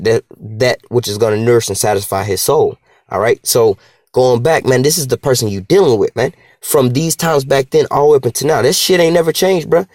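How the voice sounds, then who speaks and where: A man giving a casual, slang-filled Bible teaching, talking conversationally and slowing down to read scripture. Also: mid-range voice, a little mellow, no echo, studio quality.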